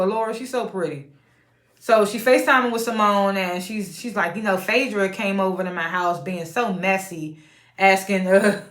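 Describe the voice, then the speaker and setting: A woman's voice: mid-range voice, a bit bright, roomy sound. A woman casually recapping a reality show episode, chatty, laughing often and retelling scenes in quoted voices.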